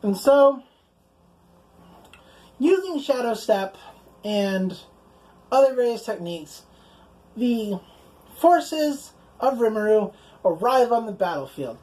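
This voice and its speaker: A young woman recaps anime episodes in a loose, chatty style, her slightly higher-than-average voice warm and swinging widely in pitch. She speaks slowly with long pauses, peppers her talk with "like" and casual swearing, and briefly acts out quoted lines, all on a rough recording.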